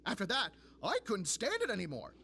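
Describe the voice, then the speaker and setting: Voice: mid-range voice, wildly swooping pitch, brisk, gravelly, bright, forceful tone, a little hiss or hum, heavily acted. An actor voicing a weary, sighing adventurer. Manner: tired, sighing, dry. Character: weary unlucky veteran adventurer. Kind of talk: game voice acting.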